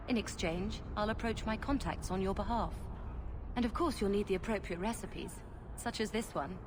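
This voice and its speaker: An actress playing a poised, married noblewoman who deals in potions in a video game, speaking smoothly and with coy politeness. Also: mid-range voice, moderate pace, natural voice. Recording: noisy game audio.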